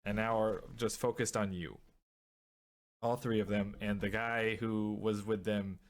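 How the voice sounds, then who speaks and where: Man, game master, low voice, halting delivery, lots of fillers. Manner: hesitant, many fillers and restarts. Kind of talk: narrating a tabletop game.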